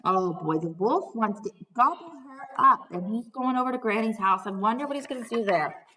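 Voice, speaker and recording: A woman teacher in her thirties reading a storybook aloud to young children, animated, gasping, calling them friends. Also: fairly high pitch, a little fast, distant mic.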